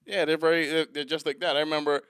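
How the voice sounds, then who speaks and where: A man's voice: on the high side, flat delivery, very fast, fairly bright tone, smooth, dry recording, studio quality. A man from the Caribbean co-hosting a podcast in casual chat, easygoing and laughing often. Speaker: podcast co-host.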